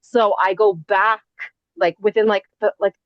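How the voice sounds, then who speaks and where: A woman's voice: mid-range voice, dry recording. Woman in her 30s rambling through a spooky story, lots of likes and asides, dull muffled sound, dead dry. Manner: animated, rapid asides with many fillers. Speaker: podcast guest. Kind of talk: casual storytelling.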